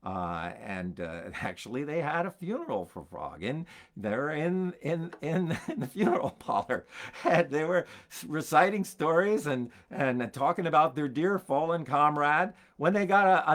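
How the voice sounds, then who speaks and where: An older man, a folksinger hosting his own stream, telling stories in a halting way, repeating words and chuckling as he goes. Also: fairly high pitch, animated, fairly bright tone. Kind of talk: rambling storytelling to an online audience.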